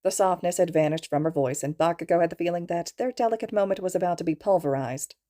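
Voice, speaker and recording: A woman reading a fan fiction audiobook aloud in a calm, even storytelling manner. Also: fairly low pitch, quick pace. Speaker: podfic reader.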